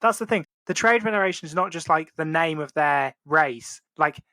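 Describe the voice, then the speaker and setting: A man hosting a podcast, chatting in an animated, rambling way full of "like". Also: fairly high pitch, moderate pace, gravelly, no room sound. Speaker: podcast host. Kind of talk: casual banter.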